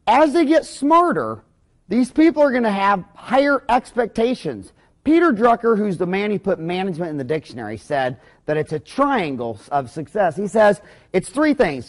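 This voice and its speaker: A man, a dentist, giving a rambling, blunt and folksy business lecture full of anecdotes. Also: high-pitched.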